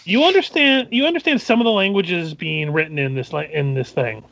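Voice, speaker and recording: Halting male game master, dry sound. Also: on the high side, big pitch swings, vocal fry, a bit bright, no echo, highs cut off. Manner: halting, methodical scene description. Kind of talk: narrating a tabletop game.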